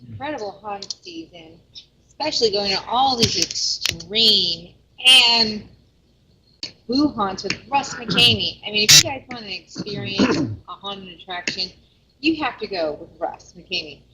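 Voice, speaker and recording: A woman's voice: medium pitch, pushed and bright. A woman co-hosting a casual podcast from a restaurant, praising the host with enthusiasm. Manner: enthusiastic, promotional. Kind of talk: casual chat. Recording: dull lo-fi with faint noise.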